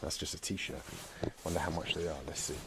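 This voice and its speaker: A man's voice: extremely low pitch, little pitch movement, a little fast. A man narrating a casual travel vlog to his handheld camera, chatty and wry, walking through town streets and later sitting in a bar. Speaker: travel vlogger. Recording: loud street noise from a video clip.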